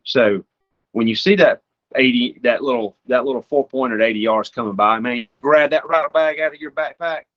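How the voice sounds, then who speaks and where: A young man from Georgia, a podcast guest giving hunting advice through lively stories and imitating deer sounds and calls. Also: medium pitch, muffled recording.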